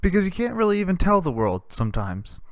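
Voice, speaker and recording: A man vlogging in a casual, rambling monologue that repeats itself, swears, and swings from hushed to loud. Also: high voice, big pitch swings, quick pace, dry recording, studio quality.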